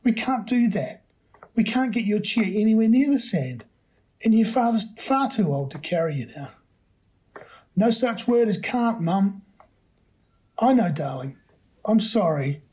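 A man voicing a worried, gentle mother who speaks in a soothing, pleading way, in a raised voice. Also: sits high, lively intonation, unhurried, long pauses, pitched above the performer's own voice.

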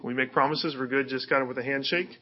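A man's voice: medium pitch, steady tone, fast talker, muffled recording, slight background noise. A male pastor preaching a sermon in an easygoing, conversational way, with fillers and restarts.

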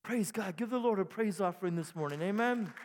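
A high-voiced male pastor preaches to his congregation, swinging from soft asides to loud, excited bursts. His voice rings out with a long reverb through the church hall. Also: brisk, some chatter behind, slight background noise. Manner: animated preaching with bursts of shouting. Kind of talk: sermon. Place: church sanctuary.

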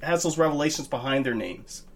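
A man co-hosting a Bible study podcast in relaxed, casual chat, hesitating with many fillers. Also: fairly high pitch, fairly quick.

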